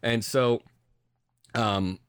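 A middle-aged man co-hosting a podcast, telling stories in a casual, profane, animated way. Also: medium pitch, very slow, smooth, dry recording, studio quality. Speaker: podcast co-host. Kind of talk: casual chat.

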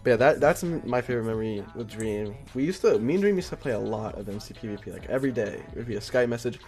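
A young man streaming a game, chatting casually with a friend in a rambling way, full of fillers and quick laughs. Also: mid-range voice, lively intonation, a little mellow, faint music behind. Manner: rambling, filler-heavy, giggly. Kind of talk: casual chat while gaming.

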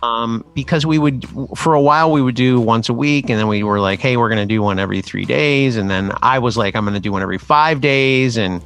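A man's voice: medium pitch, a little fast, hardly any pauses. A man co-hosting a live-streamed talk show, chatting casually, laughing and acting out quotes as he tells stories. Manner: animated, laughing storyteller who acts out quotes. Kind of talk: casual chat.

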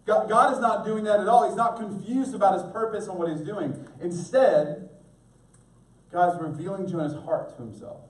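Male pastor, earnest sermon, slightly high pitch, roomy echo. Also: moderate pace. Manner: earnest, preaching directly to the congregation. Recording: echoey room, mic at a distance.

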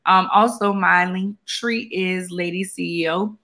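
A woman's voice: lowish voice, steady tone, unhurried, bright, forceful tone. A woman co-hosting a podcast in casual chat, rambling with fillers and sounding tired. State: tired, yawning. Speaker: podcast co-host.

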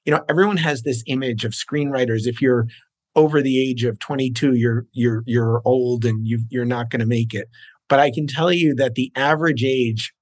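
A man's voice: mid-range voice, fairly even intonation, moderate pace, no echo. Middle-aged man, easygoing interview guest, self-deprecating, mid-range voice, dry close sound. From New York, raised in New Jersey. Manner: genial, self-deprecating, with frequent uh fillers. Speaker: guest screenwriter. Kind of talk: casual interview.

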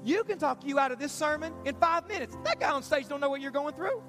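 High-voiced man preaching an altar call. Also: lively intonation, fast talker, over music. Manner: urgent, repetitive, pleading preaching. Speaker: pastor. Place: church stage.

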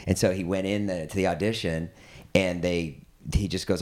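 A man with a lowish voice chats casually as a guest, telling anecdotes with plenty of restarts and fillers. He laughs between his lines. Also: fairly even intonation, a little mellow. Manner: storytelling, halting, laughs often. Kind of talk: casual chat.

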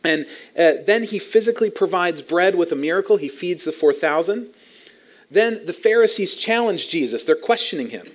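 A man preaching a sermon as pastor, teaching in an animated way with light chuckles. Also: high-pitched, moderate pace.

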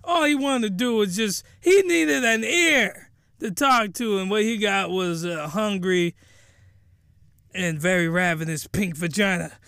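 A man's voice: sits high, unhurried, vocal fry, bright, forceful tone, clear, resonant tone, dry recording. A man doing a comedic anime recap in a rambling, joking, incredulous way, with a close, dry mic. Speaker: anime reviewer.

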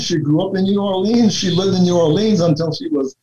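A man talking through his research in a relaxed interview, deliberate and full of fillers and restarts. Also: high voice. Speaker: researcher guest. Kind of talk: conversational interview talk. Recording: dull lo-fi sound.

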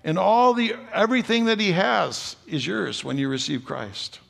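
An older man preaches a folksy, joking sermon that swells into loud, emphatic passages. His voice sits a little high and has a gravelly edge. The sound carries the long reverb of a large hall. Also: animated, moderate pace. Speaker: pastor.

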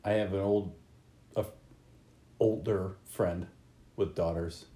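A man's voice: deep voice, steady tone, slow, dark tone. A man co-hosting a podcast, chiming in with wry, laid-back remarks in casual chat. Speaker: podcast co-host.

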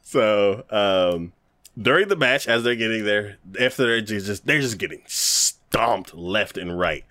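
A man in casual chat recapping a show, an animated storyteller who acts out characters and laughs often. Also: fairly low pitch, unhurried, dry recording. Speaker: podcast co-host recapping an anime.

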